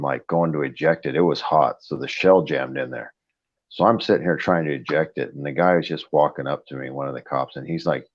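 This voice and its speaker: A man with a very deep voice hosts a live chat stream, telling a long story bluntly and ramblingly, saying "I go" again and again as he retells it. The recording is dry and lo-fi.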